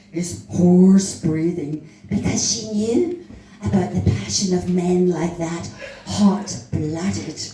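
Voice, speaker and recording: A woman's voice: mid-range voice, warm tone, a little hiss or hum. A woman storyteller giving a dramatic literary reading at a live club event, lingering over the words with a savouring, teasing delivery. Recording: very echoey room, voice far from the mic.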